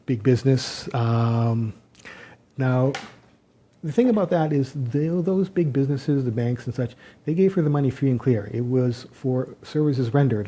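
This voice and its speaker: A man giving an unscripted political commentary, hesitant and halting, with sardonic asides. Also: mid-range voice, mellow. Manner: hesitant, many ums and restarts, sardonic asides.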